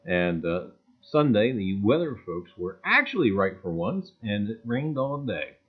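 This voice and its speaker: A man's voice: fairly low pitch, sing-song, measured pace, breathy edge. A middle-aged man hosting a casual livestream, greeting viewers by name in a folksy, rambling way and often saying "I tell you what". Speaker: livestream host. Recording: tinny phone-like audio.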